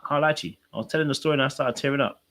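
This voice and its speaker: A man's voice: medium pitch, rapid-fire, fairly bright tone. A man hosting a podcast and working as a coach, sharing his own feelings openly and earnestly with lots of fillers. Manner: earnest, open, emotional sharing with many fillers. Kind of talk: podcast interview.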